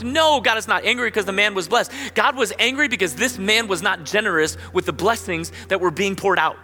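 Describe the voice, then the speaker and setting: A man's voice: high voice, brisk, few pauses, bright, forceful tone, faint music behind. A man preaching a sermon as pastor, reading scripture and building to emphatic bursts. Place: church sanctuary. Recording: long hall reverb.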